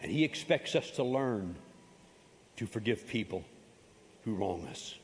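A man's voice: lowish voice, expressive, unhurried, slight background noise. A man preaching a sermon as pastor, emphatic and folksy, repeating his key phrases and adding humorous asides. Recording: long reverb of a large hall.

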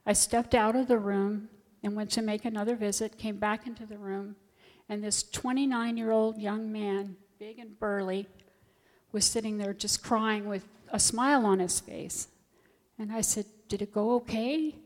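A woman's voice: medium pitch, fairly even intonation, moderate pace. A middle-aged woman, a volunteer hospital chaplain, sharing a heartfelt testimony in church. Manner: earnest, heartfelt storytelling. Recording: long church reverb.

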